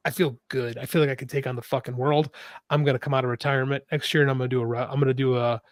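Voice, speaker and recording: A man's voice: mid-range voice, little pitch movement, very fast, no echo. A middle-aged man, an author and podcast co-host, talking frankly and at length in a casual interview, swearing freely and often restarting his sentences.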